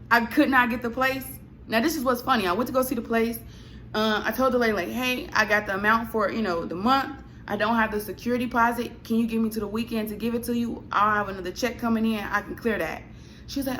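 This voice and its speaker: A young woman telling stories in a casual vlog, sassy and animated, often calling the listener "child". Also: a little high, slight background noise, rough recording. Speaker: vlogger.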